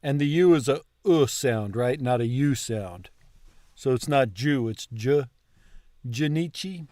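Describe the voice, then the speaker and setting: A man learning a language, chatting casually and slowly repeating words as he asks how to pronounce them. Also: medium pitch, warm tone, dry recording. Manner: slow, questioning, repeats words to test pronunciation. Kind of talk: casual chat about pronunciation.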